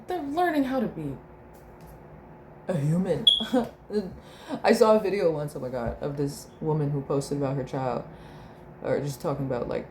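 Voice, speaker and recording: A young mother with a low, warm voice talks through a reflective video diary, meandering, searching for words and often breaking into laughter. The recording has a roomy echo with faint room noise.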